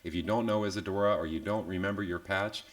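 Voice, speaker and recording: A man leading a live online software tutorial, talking in a relaxed, chatty way with tag questions and self-deprecating asides. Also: deep voice, fast talker. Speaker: software instructor.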